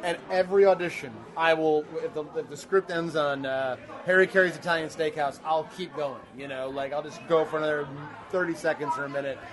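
A man's voice: a little high, fairly even intonation, a little fast, hardly any pauses, fairly bright tone, a faint crowd. A man in his thirties, a guest actor telling rambling, self-deprecating stories in a casual interview.

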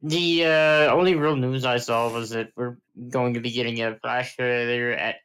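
A man's voice: medium pitch, steady tone, normal speed, fairly bright tone, smooth, low-quality recording. A man co-hosting a film podcast, chatting casually and agreeably, laughing often. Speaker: podcast co-host.

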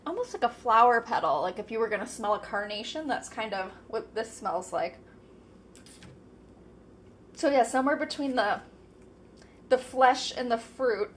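Chatty woman thinking out loud. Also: on the high side, slight background noise. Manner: chatty, thinking aloud, filler-heavy. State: talking with her mouth full. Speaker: podcast host. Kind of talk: casual solo chat.

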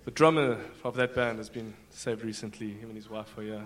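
A man telling his personal testimony in front of a church congregation, halting with many fillers and restarts. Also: lowish voice, steady tone, background noise. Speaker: guest giving a testimony.

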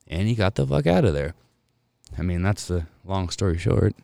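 A man with a fairly low voice spins profane, animated stories for a casual podcast, slipping into quoted dialogue as he goes. He sounds close and dry, with no room around him. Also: moderate pace, gravelly, no echo. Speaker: podcast co-host. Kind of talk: casual storytelling with crude humor.

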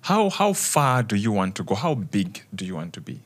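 A man's voice: lowish voice, big pitch swings, moderate pace. A man hosting a podcast, asking brief, casual questions. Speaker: podcast host. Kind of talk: interview questions.

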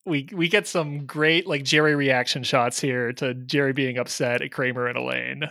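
A man's voice: medium pitch, steady tone, moderate pace, creaky, bright, forceful tone, dry recording. A man co-hosting a podcast, recapping in a dry, matter-of-fact way. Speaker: podcast co-host. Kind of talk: casual podcast chat.

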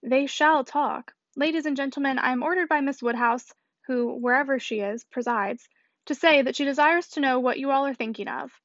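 A woman reading a teasing, gallant young gentleman. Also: sits high, normal speed, no room sound, natural voice. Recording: dull dry audiobook recording.

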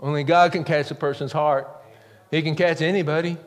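Animated storytelling pastor, man, in a church hall. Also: a little fast. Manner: animated, acts out quotes with sudden high yells. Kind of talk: sermon storytelling.

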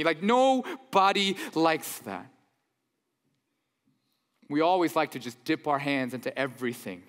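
A man preaching a sermon in a church, conversational and animated, with mock-incredulous asides. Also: sits high, normal speed. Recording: long hall reverb.

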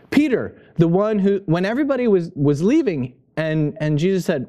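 Passionate preacher man, lively pitch. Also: moderate pace, few pauses. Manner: passionate, emphatic, pitch swinging up for stress. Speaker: pastor. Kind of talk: sermon.

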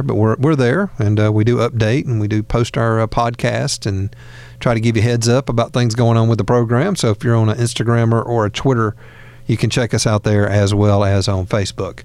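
A man's voice: medium pitch, smooth, no echo. A man hosting a talk radio show, chatting casually with fillers and restarts. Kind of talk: conservative talk radio chat.

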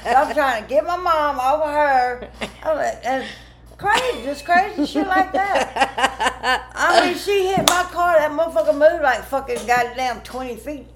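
A woman's voice: high voice, unhurried, noisy background. A woman, co-hosting a podcast, telling a rambling, profane story in casual chat. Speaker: podcast co-host.

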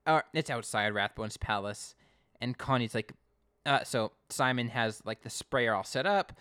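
A man casually recapping an episode as a podcast co-host, chatty and animated. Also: mid-range voice, a little slow, clear, resonant tone, dry recording, clean studio sound. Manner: chatty, animated storytelling with acted quotes.

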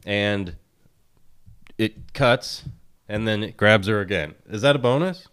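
Laid-back low-voiced man, joking. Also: lively intonation, slow pace, a bit bright, clear, resonant tone. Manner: laughs often, loose and joking. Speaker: podcast co-host. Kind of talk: casual recap chat.

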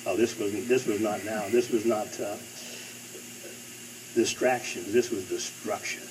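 A man's voice: fairly low pitch, fairly even intonation, measured pace, recorded from a distance, noisy background. A male preacher delivering a sermon, emphatic and repeating phrases for stress.

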